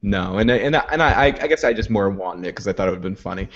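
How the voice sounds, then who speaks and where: A man hosting a casual TV recap, telling the story with energy and slipping into quick voices for the characters. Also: on the low side. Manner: animated, acts out scenes in quick put-on voices. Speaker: show host. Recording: dull lo-fi recording.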